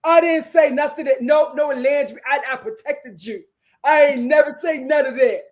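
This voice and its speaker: A woman's voice: high-pitched, moderate pace, lightly acted. A woman doing a flustered, defensive young woman. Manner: insistent, flustered denial.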